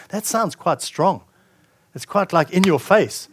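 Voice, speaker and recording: Man preaching a sermon, slightly high voice. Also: lively intonation, unhurried. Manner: reads scripture aloud, then comments with frequent restarts. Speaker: pastor.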